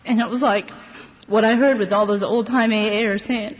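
A woman's voice: fairly high pitch, steady tone, normal speed. Laughing woman sharing her recovery story. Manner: candid storyteller, laughs through the telling. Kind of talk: personal testimony to a recovery meeting. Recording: echoey hall, dull lo-fi sound, faint background noise.

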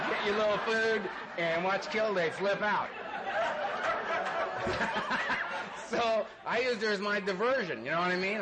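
A man's voice: high voice, heavy background noise. A man telling a loose, laughing, self-mocking story to an audience and acting out voices. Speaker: speaker sharing his recovery story.

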